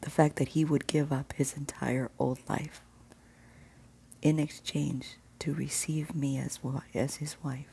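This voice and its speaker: A Christian vlogger gives her personal faith testimony in a gravelly, low voice that stays level, warm, and unhurried. She's earnest and reflective, at times dropping to a whisper. Slight background noise is audible.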